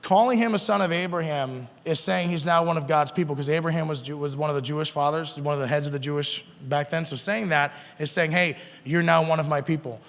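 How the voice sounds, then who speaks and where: A man's voice: fairly high pitch, fairly quick, few pauses, a bit bright. A man preaching a casual sermon to a youth group, talking conversationally and asking the kids questions. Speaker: youth pastor. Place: youth room. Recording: long hall reverb.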